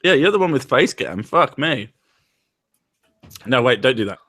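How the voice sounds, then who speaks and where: A man's voice: medium pitch, big pitch swings, normal speed, pushed and bright, no room sound. A British man in casual stream banter over voice chat, teasing and crude, laughing often. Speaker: stream guest. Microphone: online voice chat.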